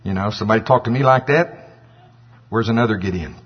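A man preaching a sermon, animated and acting out scripture voices, with a husky voice. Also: on the low side, fairly quick. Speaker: pastor. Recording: dull lo-fi with long hall reverb.

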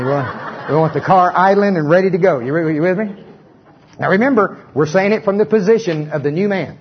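Husky middle-aged male preacher, fairly high voice, dull lo-fi church recording, lively call-and-response. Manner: animated, joking asides, leads congregation in repetition.

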